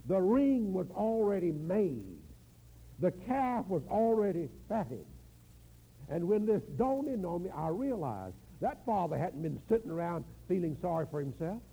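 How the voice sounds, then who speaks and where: Gravelly, lively older male preacher. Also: high-pitched, poor audio. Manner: folksy, storytelling with drawn-out slow emphasis. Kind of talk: sermon.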